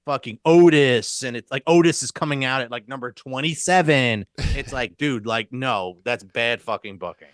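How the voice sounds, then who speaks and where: A man's voice: mid-range voice, moderate pace, hardly any pauses, smooth, no room sound, clean studio sound. A man co-hosting a podcast, chatting casually about wrestling in a laid-back way and swearing freely. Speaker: podcast co-host.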